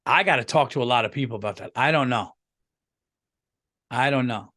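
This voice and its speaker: A man's voice: mid-range voice, a little fast, pushed and bright. A man hosting a podcast, rambling through a casual comedic monologue with lots of swearing and restarts. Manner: rambling, profane, full of restarts. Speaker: podcast host. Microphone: podcast microphone, on camera.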